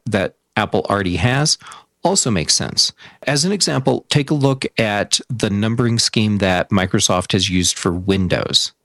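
A man's voice: on the low side, fairly bright tone, no room sound, clean studio sound. A man commenting on tech as a show guest, thinking aloud with fillers and restarts. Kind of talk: casual tech talk.

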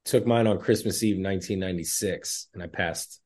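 Husky, low-voiced man in his forties. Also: brisk, darkish tone. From New York area. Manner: laid-back, swears offhandedly. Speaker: podcast co-host. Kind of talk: casual chat.

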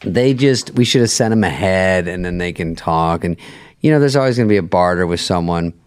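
Low-voiced man telling stories. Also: fairly quick, clear, resonant tone, no room sound. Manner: animated storytelling, acts out quotes. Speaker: late-night host, guest. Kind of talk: casual podcast chat.

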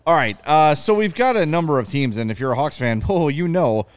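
A man hosting a casual sports podcast, briskly rattling off team records and stats. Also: on the high side, animated, crowd noise. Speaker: podcast host.

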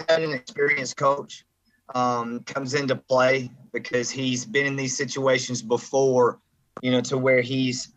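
A man's voice: medium pitch, a bit bright, poor audio. A man appearing as a guest analyst on a sports podcast, talking in an emphatic, chummy casual style.

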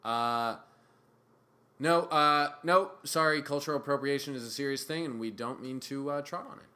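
A man's voice: medium pitch, moderate pace, pushed and bright. A young man co-hosting a podcast, teasing and sarcastic in casual banter. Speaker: podcast co-host.

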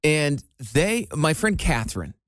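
A man from Iowa co-hosting a podcast, telling stories in an animated, casual way. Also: fairly high pitch, unhurried, no echo, clean studio sound. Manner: animated, storytelling. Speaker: podcast co-host. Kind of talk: casual chat.

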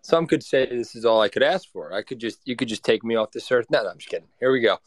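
A man's voice: mid-range voice, expressive, fast, no room sound. A man calling in to a show, talking energetically, joking and rambling. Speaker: caller. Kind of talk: casual call-in chat.

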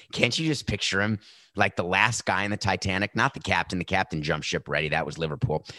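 A man's voice: low-pitched, pushed and bright, no room sound, studio quality. A man hosting a sports talk show, delivering a sarcastic, mocking commentary monologue.

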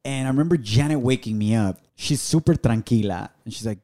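A man's voice: on the high side, fast talker, hardly any pauses. A man co-hosting a podcast, telling a story casually and acting out the quoted dialogue with energy. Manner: animated, acts out quoted dialogue. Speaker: podcast co-host.

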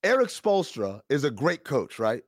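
In clean, echo-free studio sound, a medium-pitched man speaks at normal speed. He's a podcast co-host telling a story in casual chat, animated and cursing freely, doing voices as he acts out what other people said.

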